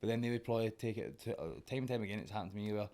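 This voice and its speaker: A man's voice: fairly low pitch, very fast, dark tone. A young man with a Glaswegian accent, a guest in a casual podcast conversation, rambling and swearing as he talks. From Scotland.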